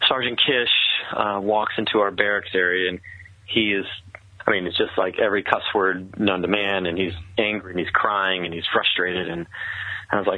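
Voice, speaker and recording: A man telling a personal story in earnest, halting conversational speech with many restarts. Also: low voice, fairly even intonation, no room sound. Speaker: guest telling his story. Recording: tinny, phone-like sound.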